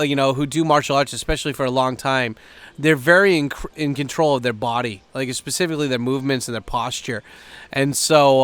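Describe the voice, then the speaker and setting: A man's voice: on the high side, fairly bright tone, smooth, no echo. A man vlogging in a loose, rambling way, swearing freely and leaning on fillers. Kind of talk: casual chat to camera.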